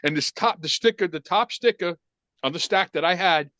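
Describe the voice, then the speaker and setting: A man's voice: sits high, moderate pace, no room sound. A man telling a story on a podcast, acting out the voices of the people in it. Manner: animated storyteller acting out quotes, frequent swearing. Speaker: podcast guest. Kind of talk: casual storytelling.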